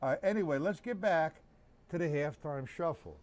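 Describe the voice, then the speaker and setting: A man's voice: on the high side, expressive, normal speed, darkish tone. A man teaching drums on a live stream, chatting loosely and answering viewers by name. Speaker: drum teacher. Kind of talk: live-streamed drum lesson.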